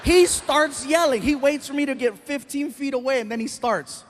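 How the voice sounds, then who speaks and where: A middle-aged man performing a stand-up comedy set on a live stage, telling stories with animated delivery and acting out other people's voices. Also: very high voice, moderate pace, slight background noise.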